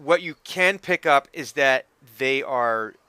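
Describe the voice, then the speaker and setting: Bright clear guy running a tabletop game, lots of ums, dry mic. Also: mid-range voice, animated, takes it slowly, no room sound. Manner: casual, filler-heavy, laughing often. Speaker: game master.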